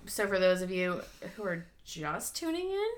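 A woman's voice: lowish voice, very animated, normal speed. A woman in her thirties co-hosting a casual chat show, telling stories with acted-out quotes and frequent swearing. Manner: chatty storyteller, swears freely, acts out quotes. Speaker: podcast co-host.

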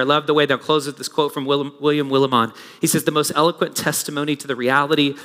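Bright-voiced pastor preaching in a reverberant hall. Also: male voice, fairly high pitch, steady tone, fast talker, few pauses. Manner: swings from hushed reflective passages to rising, urgent exhortation. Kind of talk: sermon. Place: church sanctuary. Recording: long reverb of a large hall.

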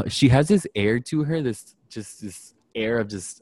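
A man with a lowish voice talks casually, slipping into quick impressions of others as he retells events. The sound is dry and close, with no room around it. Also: no echo. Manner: animated storyteller acting out quotes. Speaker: podcast co-host recapping reality TV. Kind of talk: casual chat.

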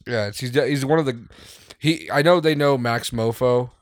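A man's voice: mid-range voice, normal speed, dry recording. American man, crude podcast banter, swears a lot, laughs often, dry close sound. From United States. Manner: profane, animated, laughs often. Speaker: podcast co-host. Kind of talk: crude casual chat.

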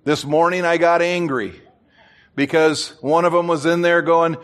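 A man, a pastor, preaching a sermon in an animated way and joking with his congregation. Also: on the high side, a little slow. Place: church.

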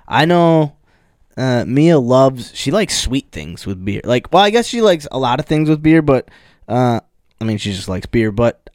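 A man's voice: medium pitch, sing-song, a little slow, darkish tone, no room sound. Laid-back young guy on a podcast, agrees a lot, tells little stories, mid voice, dry mic. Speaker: podcast co-host. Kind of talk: casual chat.

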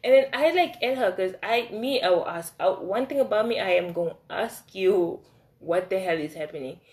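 A young woman telling a casual storytime. She talks in a chatty, animated way, with lots of fillers and swearing. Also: lowish voice, normal speed. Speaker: vlogger.

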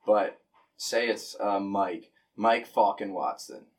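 Young man, podcast host, low voice, casual swearing chat, slightly distant mic. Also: slow, a little mellow. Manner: loose, swearing, says bro and dude a lot.

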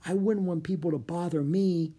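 A reader voicing a cautious, shy young boy in a storybook, speaking in a hushed, hesitant way. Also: medium pitch, steady tone, normal speed, husky, pitched above the performer's own voice, close to an everyday voice. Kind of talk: audiobook character voice.

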